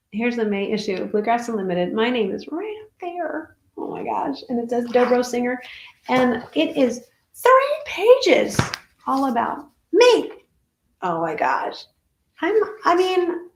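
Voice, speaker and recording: A woman musician chatting casually between songs on a livestream, halting and full of fillers and restarts. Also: medium pitch. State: tearful. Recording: roomy sound with faint guitar.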